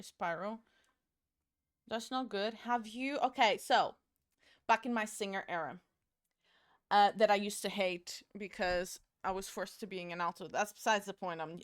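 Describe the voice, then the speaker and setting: A woman's voice: mid-range voice, fairly bright tone. A young woman from Portugal with a Portuguese accent, chatting casually and swearing freely while she does her makeup on stream. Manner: chatty, swearing, rambling with playful outbursts.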